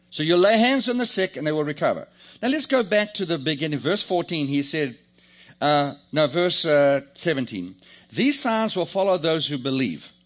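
A man preaching a sermon, joking and calling on the congregation to answer back. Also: on the high side. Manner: lively, joking, calls on the congregation. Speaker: pastor.

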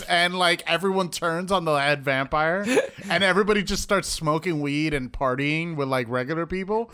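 A man's voice: high voice, a little fast, few pauses, bright, forceful tone, smooth. A man co-hosting a podcast, rambling through jokey stories in casual chat. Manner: joking, rambling storyteller. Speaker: podcast co-host.

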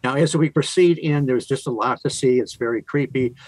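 A man working as a museum tour guide, telling chatty stories in an interview with a playful, deadpan humor. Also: mid-range voice, fairly quick, no echo, rough recording. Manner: chatty, lots of fillers and restarts, playful deadpan jokes. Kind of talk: enthusiastic interview storytelling.

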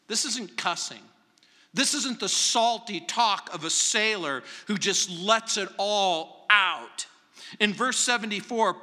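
High, sharp-voiced preaching man. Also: long reverb tail. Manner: emphatic preaching, drops to hushed tones. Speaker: pastor. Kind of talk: sermon.

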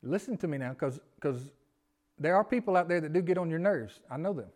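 A man's voice: fairly high pitch, lively intonation, brisk, a little mellow. A man preaching a sermon as pastor, folksy, often chuckling and asking the congregation questions. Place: church sanctuary.

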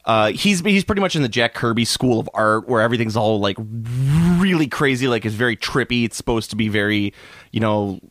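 A man's voice: lowish voice, a little fast, a bit bright, no echo, studio quality. A man hosting a casual podcast, chatty and laughing often, with frequent restarts. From United States. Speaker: podcast host. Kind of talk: casual chat.

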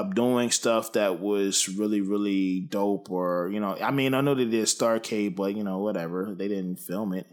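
A young man talking casually about wrestling, rambling with lots of ums and flaring up into loud rants. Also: on the low side. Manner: rambling, many ums, gets heated and loud when ranting. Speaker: wrestling commentary podcaster. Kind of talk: casual opinion monologue.

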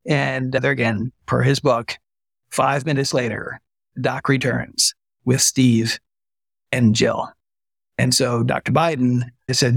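Gravelly-voiced man telling stories. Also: medium pitch, takes it slowly, no room sound, studio quality. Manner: animated storyteller, acts out quoted voices. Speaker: guest, retired army physician. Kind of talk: conversational storytelling interview.

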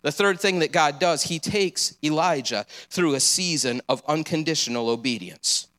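Earnest preacher with a slightly high voice. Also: male voice, moderate pace, a bit bright. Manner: earnest, encouraging, with casual asides. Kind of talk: sermon.

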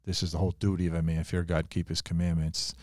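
Low-voiced older man pastor telling a story. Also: fast, dry recording, studio quality. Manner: animated, acts out quoted voices. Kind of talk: storytelling testimony.

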